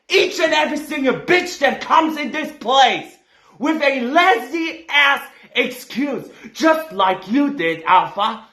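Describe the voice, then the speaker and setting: A man with a German accent, a native German speaker, delivering an angry, cursing wrestling trash-talk promo in shouted bursts. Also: very high-pitched, roomy sound. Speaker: fan wrestling promo competitor.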